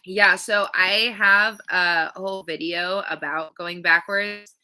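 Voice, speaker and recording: Chatty bright-voiced woman in her thirties. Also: fairly low pitch, fairly even intonation, slow, clear, resonant tone. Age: 30s. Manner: chatty, many "like" and "um" fillers. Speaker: skating channel host. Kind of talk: casual live Q&A chat.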